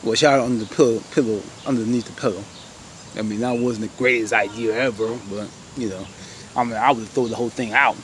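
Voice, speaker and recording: Animated man recapping a TV episode. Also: medium pitch, fast, slight background noise. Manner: animated, retells scenes with exclamations and laughter. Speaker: TV episode reviewer. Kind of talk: casual recap vlog.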